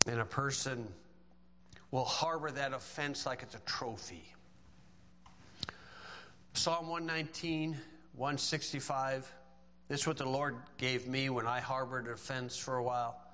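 A man's voice: medium pitch, fairly even intonation, unhurried, long pauses, bright, forceful tone, big-room sound, a little hiss or hum, rough recording. A man preaching a sermon in a folksy way, quoting scripture and joking with the congregation. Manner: folksy, joking asides between scripture quotes.

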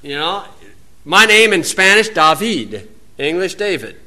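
A man's voice: sits high, moderate pace, bright, forceful tone. A man with an American accent giving an informal, folksy Bible teaching outdoors, wandering into asides and rising to emphatic preaching.

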